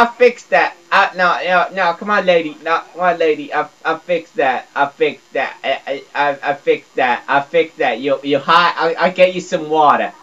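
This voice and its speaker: A man doing comedic gameplay commentary, stammering and repeating words in dopey broken grammar, dropping to a mumble and then jumping up to a squeal. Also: pushed and bright. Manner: swings between mumbling low and squealing high. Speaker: gameplay video creator. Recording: dull lo-fi recording.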